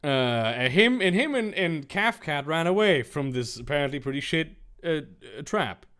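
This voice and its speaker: Brief: man reading bad fanfic for laughs, mocking asides, lively pitch, a touch high. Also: normal speed, clear, resonant tone. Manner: sarcastic, incredulous, swearing, mocking asides. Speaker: host reading fanfiction aloud. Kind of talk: comedic reading with commentary.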